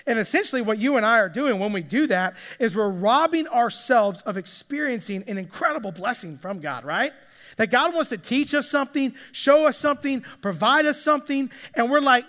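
A man's voice: extremely high pitch, a little fast, a bit bright. A man preaching a sermon in a conversational way, often restarting and repeating words. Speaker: pastor. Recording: echoey hall with long reverb.

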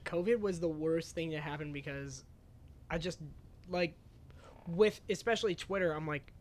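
A young comedian with a high voice tells a story in loose, casual chat. He is animated and swears freely, and he laughs his way through the funny parts. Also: normal speed.

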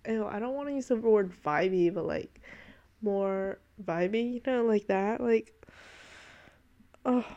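A woman's voice: medium pitch, a little slow, pauses often, dark tone, highs cut off. A young woman hosting her own podcast, chatting in a rambling, gushing way full of "like", with a congested voice. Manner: rambling and gushing, heavy use of "like". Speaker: podcast host. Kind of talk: casual solo podcast chat.

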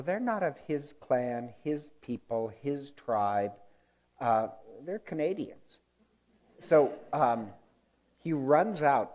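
Male pastor, relaxed conversational preacher, amused storyteller with frequent ums. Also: mid-range voice. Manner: chatty and amused, with many ums and uhs.

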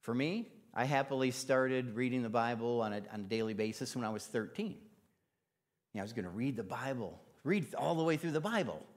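A man's voice: mid-range voice, fairly quick. A man preaching a casual, conversational sermon in church, using plenty of fillers. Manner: casual, chatty, with many fillers.

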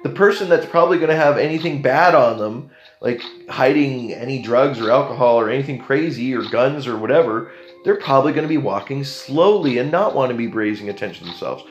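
Animated Canadian man telling a story. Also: medium pitch, a little fast, roomy sound, lo-fi sound, faint music behind. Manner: animated, jumps into other people's voices. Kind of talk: casual storytelling to camera.

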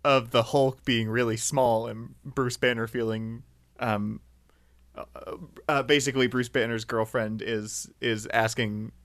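A man's voice: medium pitch, fairly even intonation, unhurried, a bit bright, no echo. A man in casual podcast banter, rambling through a story with laughs.

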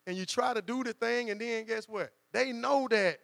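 A man preaching, his voice high and gravelly. He talks to the congregation like a friend and acts out quotes. The hall gives a long reverb, and a low mains hum runs underneath. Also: moderate pace, fairly bright tone. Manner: conversational preaching with dramatized quotes. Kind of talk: sermon.

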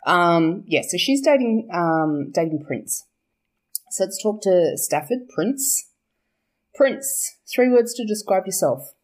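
A woman's voice: medium pitch, lively intonation, takes it slowly. A young woman, chatting casually about her book's characters, laughing often, swearing and correcting herself as she goes. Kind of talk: casual chat.

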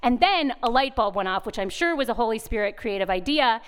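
A woman speaker at a women's retreat, telling a lively personal story in a sermon and acting out sounds and voices. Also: fairly high pitch, brisk, smooth. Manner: animated, acts out sounds and voices. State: pregnant at the time, not now.

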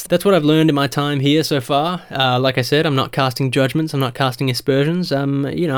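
Sarcastic man with a deadpan comedy monologue. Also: mid-range voice, smooth. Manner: sarcastic, deadpan mock-statistics delivery. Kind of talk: satirical stand-up monologue.

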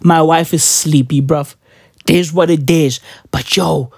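A woman's voice: sits low, steady tone, slow pace, creaky, darkish tone, breathy edge, dry recording, clean studio sound. A woman with a South African accent, ranting casually on a vlog with heavy swearing and slang. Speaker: vlogger. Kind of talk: profane casual rant.

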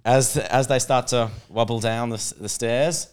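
A man's voice: mid-range voice, measured pace, smooth. Australian young man telling a story. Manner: animated, laughs through his story. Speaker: podcast guest. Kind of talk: casual storytelling.

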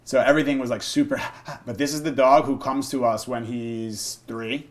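A young adult man working as a dog trainer, talking casually and swearing freely while demonstrating, and dropping to a soft murmur when calming the dog. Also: medium pitch, normal speed.

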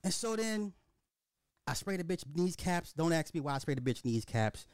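Animated, profane man telling a story. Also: a little high, moderate pace, a little hiss or hum. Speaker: podcast host. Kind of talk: dark comedic monologue.

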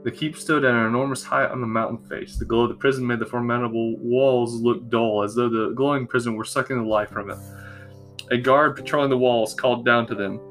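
Man narrating a fantasy story slowly. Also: mid-range voice, fairly even intonation. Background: soft guitar music.

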